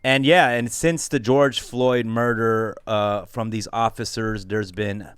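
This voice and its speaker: A man's voice: lowish voice, fairly even intonation, slow pace, fairly bright tone, clean tone, no echo, studio quality. A man hosting a podcast in a loose, casual chat, laughing often. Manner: laid-back, loose and chatty, laughs often. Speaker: podcast host.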